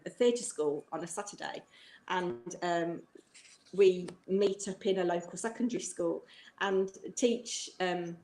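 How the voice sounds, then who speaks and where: A woman's voice: fairly low pitch, darkish tone. A middle-aged woman, a former teacher, chatting at length on a video call and laughing often as she goes. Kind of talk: casual chat on a live stream. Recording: roomy echo.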